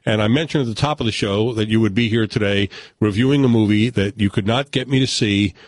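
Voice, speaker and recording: A man with a St. hosting a radio show, teasing his guests with dry, quick asides. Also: on the low side, dry recording. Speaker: radio host. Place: radio studio.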